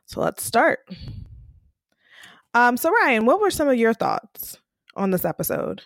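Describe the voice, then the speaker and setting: A woman hosting a podcast in casual chat, her voice hoarse and worn down, talking with many fillers and soft laughs. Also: on the high side, very animated, a little slow, long pauses, no echo, studio quality. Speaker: podcast host.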